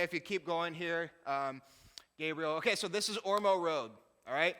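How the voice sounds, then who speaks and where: A bright, forceful man's voice with a smooth, resonant tone, sitting slightly high for a man. He is a missionary pastor chatting through a slide show, laughing and poking fun at himself, and his voice rings out with a long reverb that fills a church hall. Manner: chatty, laughing, self-deprecating asides. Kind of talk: casual talk with slides.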